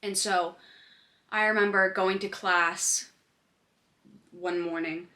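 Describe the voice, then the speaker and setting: A young woman tells a personal story straight to camera. Her voice is bright and forward, with an ordinary middle pitch. She talks in a loose, chatty way and drops "like" into almost every sentence. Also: fairly even intonation, slow pace. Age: young adult. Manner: chatty, says "like" often. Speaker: vlogger.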